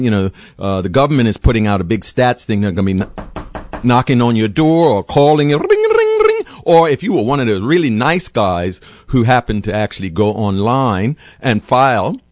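A doctor and show host, a man, giving an impassioned, rambling monologue. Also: no room sound. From Bermuda. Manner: impassioned, rambling, pitch swinging widely. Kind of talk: opinionated monologue.

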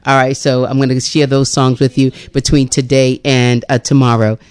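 A woman hosting a radio talk show, effusive and quick to laugh, from Bermuda. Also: extremely low pitch, flat delivery, clear, resonant tone, no echo. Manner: warm, effusive, laughing often. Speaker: radio host.

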